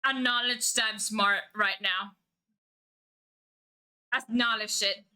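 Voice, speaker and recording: A woman's voice: medium pitch, fairly even intonation, slow pace, sharp tone, smooth. A woman live-streaming, chatting casually with her viewers in a playful, teasing way and laughing often.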